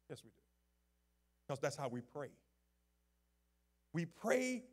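A man preaching a sermon as pastor, moving from low, conversational talk to shouted, fervent preaching. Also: very animated, takes it slowly, long pauses.

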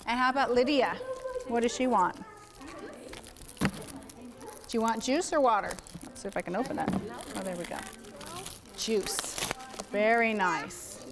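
A somewhat high-voiced woman runs a baby signing class indoors. She coaxes the little ones with bright, encouraging praise and turns to explain things to the parents in between. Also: unhurried, long pauses, background noise. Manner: upbeat, coaxing and praising little children. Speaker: baby sign language teacher. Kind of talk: leading a toddler signing class.

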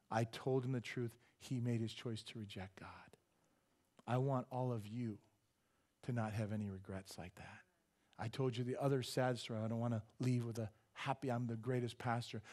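A man's voice: medium pitch, a little mellow. A man preaching as a pastor, telling personal stories with animation and building to a fervent, rising prayer. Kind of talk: sermon.

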